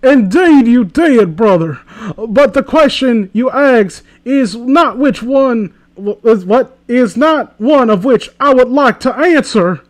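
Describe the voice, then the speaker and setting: A man playing a pompous young man who speaks in slow, stilted, grandiose phrases. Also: extremely high pitch, fairly bright tone, no room sound, voice pushed up. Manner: slow, grandiose, mock-formal.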